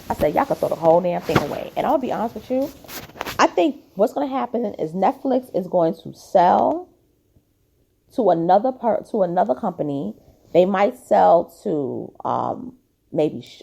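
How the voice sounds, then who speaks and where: Tired woman podcaster, husky and dark-toned, blunt and chatty. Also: mid-range voice. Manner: chatty, blunt, frequent "like" fillers. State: tired, yawning. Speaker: podcast host. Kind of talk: casual opinion commentary.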